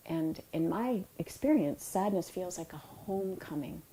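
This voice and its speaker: A middle-aged woman, an author, giving a reflective talk about emotions in a soft, unhurried and tender way, with pauses. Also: lowish voice, lively intonation, a little hiss or hum, rough recording. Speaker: author and yoga teacher.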